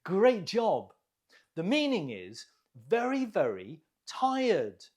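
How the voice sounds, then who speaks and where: An English teacher runs an online vocabulary lesson at an unhurried, very slow pace, giving each word and each bit of praise plenty of room. The voice swings widely in pitch and sounds animated. Each word gets drilled with deliberate stress, followed by encouraging praise.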